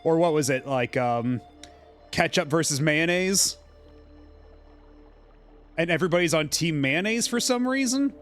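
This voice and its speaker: A man's voice: fairly high pitch, expressive, measured pace, pauses often, a bit bright, faint music behind. A man streaming a video game, chatting casually in a rambling way with many fillers. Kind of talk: casual gameplay commentary.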